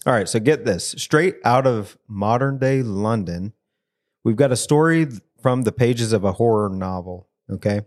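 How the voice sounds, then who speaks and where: A man's voice: fairly low pitch, moderate pace, a little mellow. A man hosting a podcast and telling a story in a casual, jokey way, laughing often, recorded on a studio mic. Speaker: podcast host.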